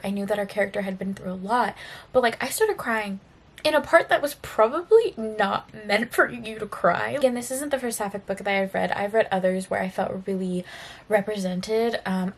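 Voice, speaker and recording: A woman book reviewer talking in a casual reading vlog, chatty and heartfelt, with lots of "like" fillers. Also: medium pitch.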